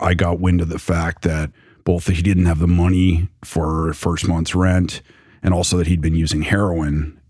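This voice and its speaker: A young man with a low, slightly mellow voice and a breathy edge tells a story from his past. His talk is loose and rambling, packed with fillers. The recording is studio quality with no echo.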